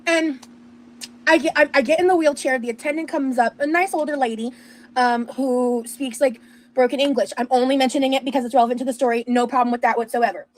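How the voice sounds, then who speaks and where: A woman's voice: high voice, fairly even intonation, fast talker, rough recording. A young woman telling a rambling personal story in casual chat, with lots of fillers and restarts. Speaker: streamer and podcast host.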